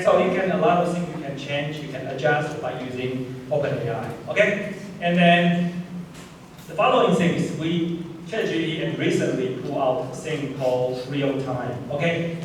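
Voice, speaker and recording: A middle-aged man giving a live conference lecture, explaining step by step and saying "okay" constantly. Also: on the high side. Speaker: professor giving a plenary talk. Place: large lecture hall. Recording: echoey hall mic from far off, faint noise.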